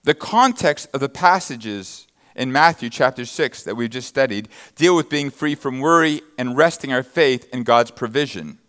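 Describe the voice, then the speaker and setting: A man's voice: mid-range voice, expressive, normal speed, few pauses, fairly bright tone. A man preaching a sermon, reading scripture verses and expounding them with emphatic, rising bursts of intensity. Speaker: pastor.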